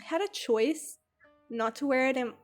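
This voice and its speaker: A young woman streamer with a slight lisp talks her way through a casual storytime, rambling and cursing freely. Her voice sits on the higher side and she takes her time getting her words out. A little music plays quietly underneath. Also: unhurried. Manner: chatty and rambling, swears freely.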